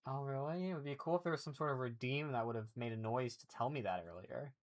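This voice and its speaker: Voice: mid-range voice, quick pace. A streamer hosting a casual stream, joking around and giggling, talking into a streaming microphone. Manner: joking, giggly, self-deprecating. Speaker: streamer host.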